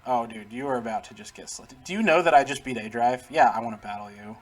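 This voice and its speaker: A man's voice: medium pitch, fast talker. A man casually commenting while he plays a video game, chatty, laughing often and talking to the characters on screen. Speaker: gaming channel host. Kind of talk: casual let's-play commentary.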